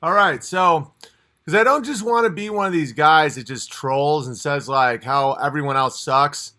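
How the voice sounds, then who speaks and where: A man's voice: a little high, normal speed, pushed and bright. A man from upstate New York hosting a livestream, ranting in a fired-up, profane and blunt way. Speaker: livestream host. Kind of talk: casual livestream rant.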